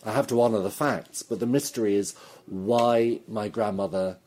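A man's voice: fairly low pitch, fairly even intonation, moderate pace, a little mellow. A man, a novelist being interviewed, talking in a thoughtful, detailed way and laughing easily. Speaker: novelist guest. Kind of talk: interview conversation.

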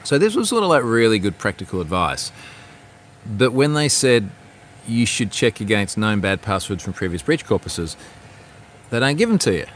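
A man's voice: lowish voice, slight background noise. A man hosting a casual livestream outdoors, rambling through a technical story and reading viewer comments aloud. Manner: rambling, restarts mid-sentence, reads viewer comments aloud. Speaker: livestream host. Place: outdoors at home with a view.

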